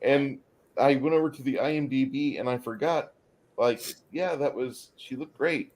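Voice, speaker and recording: A man's voice: mid-range voice, moderate pace, a little mellow. A man hosting a casual movie chat online, joking and bantering with his viewers. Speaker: host.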